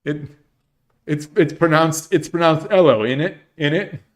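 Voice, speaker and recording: A loud, cheeky mock-British cockney bloke, as a man hams it up, bouncing through a sing-song delivery. He is a broad comic caricature in a casual livestream. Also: a little high, a little slow, voice pushed up, close to an everyday voice. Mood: mock cheery.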